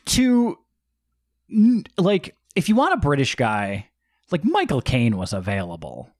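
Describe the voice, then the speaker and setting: A male podcast co-host trading wry, deadpan asides in casual movie talk. His pitch moves lively and wide. The recording is dry and close, with no room sound around him. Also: unhurried, no echo. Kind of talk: casual movie-review chat.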